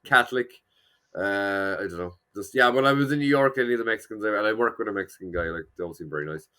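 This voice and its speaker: A man's voice: on the low side, fast talker, sharp tone. A man co-hosting a casual podcast chat, rambling and swearing freely as he restarts his sentences. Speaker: podcast co-host.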